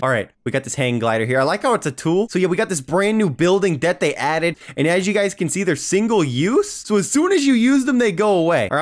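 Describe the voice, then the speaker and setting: Excitable high-voiced gaming commentator. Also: male voice. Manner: excitable, quick exclamations. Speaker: gaming YouTuber. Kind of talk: Let's Play commentary.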